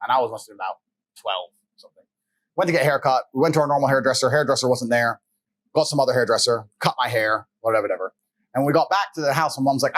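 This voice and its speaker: A man telling a personal story as a guest, animated, blunt and profane. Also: mid-range voice, fast. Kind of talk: casual storytelling.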